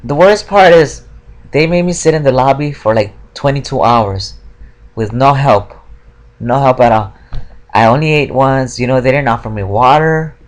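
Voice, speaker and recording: A young man telling a story in a casual vlog, rambling with many fillers and heavy swearing, frustrated. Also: medium pitch. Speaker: vlogger.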